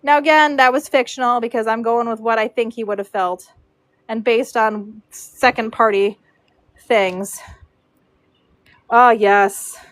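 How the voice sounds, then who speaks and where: High-voiced woman chatting on a livestream. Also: fairly even intonation, measured pace, long pauses, a bit bright, no room sound. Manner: chatty, reads viewer comments aloud while working. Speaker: livestreaming horse braider. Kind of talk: casual livestream chat.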